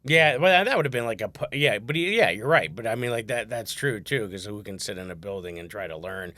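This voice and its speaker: Man, comedian host, casual podcast chat, lowish pitch, bright tense tone, dry close sound, acts out quotes. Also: lively intonation, brisk, no echo. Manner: chatty storyteller, acts out family members in quotes.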